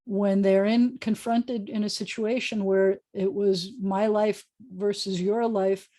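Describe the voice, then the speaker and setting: A woman rabbi teaching an informal online Hebrew class over a video call, chatty and joking as she sounds out words slowly. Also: medium pitch, flat delivery, mellow, no room sound.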